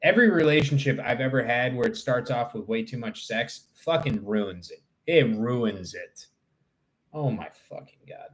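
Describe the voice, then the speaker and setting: A young man chatting casually on a livestream, rambling and joking crudely as he answers his chat. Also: medium pitch. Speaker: live streamer.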